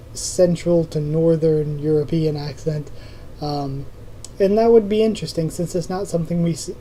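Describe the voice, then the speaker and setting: Very dark-voiced rambling vlog host. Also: mid-range voice, a little hiss or hum, poor audio. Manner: rambling, full of ums and restarts. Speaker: YouTube channel host. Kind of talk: casual chat answering viewer comments.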